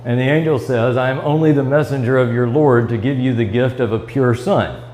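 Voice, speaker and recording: A man with a Midwestern American accent, leading a Bible study and reading scripture aloud between his own comments, with the odd "um" and restart. His voice sits at an ordinary middle pitch. A faint hum runs under the recording. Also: fairly quick, darkish tone, poor audio. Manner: reads scripture aloud and explains it, with fillers and restarts. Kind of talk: church Bible study lesson. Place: church classroom.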